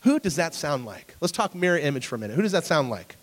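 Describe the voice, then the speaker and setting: A man's voice: fairly high pitch, sing-song, quick pace. Man preaching in a reverberant hall. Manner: conversational, asks the audience questions; acts out voices in anecdotes. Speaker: pastor. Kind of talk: sermon. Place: church hall with an audience.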